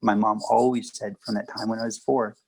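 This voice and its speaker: Low gravelly man, calm and reassuring. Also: a little fast, low-quality recording. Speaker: spiritual speaker answering questions. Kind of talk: conversational storytelling.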